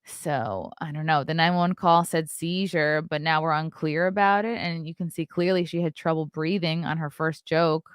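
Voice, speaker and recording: A woman's voice: deep voice, fairly even intonation, moderate pace, few pauses, clear, resonant tone, no room sound, studio quality. A woman comedian musing aloud over a clip in casual commentary, chatty and full of filler words, from a room at home. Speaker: comedian and online show host. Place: home room with colored lights.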